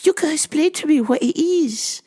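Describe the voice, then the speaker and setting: A woman putting on a shrill fussy old customer. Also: animated, warm tone. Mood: fussy, insistent. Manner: high, slow, broken English, repeating questions. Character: fussy older woman customer, endlessly questioning.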